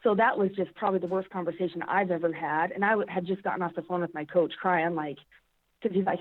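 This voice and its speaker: A woman athlete telling a story in casual interview chat, emotional and animated, with lots of fillers. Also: fairly low pitch, fast talker. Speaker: podcast guest, strongwoman athlete. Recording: phone-line quality.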